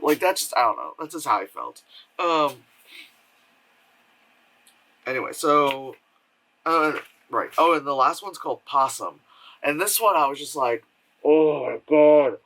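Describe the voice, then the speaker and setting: A man's voice: on the high side, very animated, measured pace, pauses often, bright, forceful tone, rough recording. A man giving a casual spoken film review from home, rambling with lots of fillers and acting out quotes in mocking voices. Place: home room with air purifier hum.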